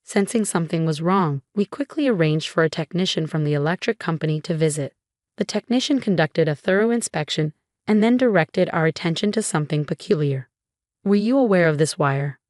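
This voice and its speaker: A woman reading a first-person story as narrator, in an even, measured way. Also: deep voice, dry recording, clean studio sound.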